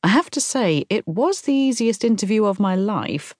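A woman voicing a warm young woman who speaks brightly, teasing and reassuring. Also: mid-range voice, lively intonation, moderate pace, no room sound, clean studio sound, pitched above the performer's own voice, natural voice. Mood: playful.

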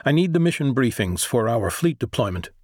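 A man's voice: mid-range voice, big pitch swings, fairly quick, a little mellow, no room sound, clean studio sound. A man voicing an agitated male navy lieutenant trapped in a robot body, with demanding, clipped military speech.

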